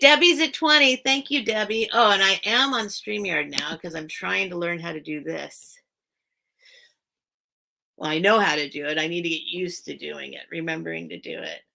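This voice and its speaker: A woman's voice: on the low side, gravelly, bright, forceful tone. A woman hosting a casual live-stream sale, chatting and reading out bids, often breaking off her own sentences. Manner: chatty, self-interrupting, reads out bids. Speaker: online live-sale seller.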